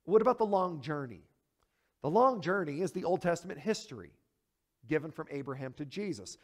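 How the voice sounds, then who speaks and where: A male pastor preaching a sermon in an animated, emphatic way, asking the congregation rhetorical questions and swinging between hushed low asides and loud high peaks. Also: fairly quick.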